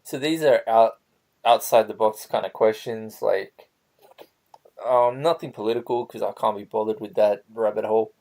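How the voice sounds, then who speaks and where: A man's voice: on the low side, normal speed, darkish tone. Joking male interviewer. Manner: loose, joking, crude asides. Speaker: interviewer, channel host. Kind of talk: casual interview chat.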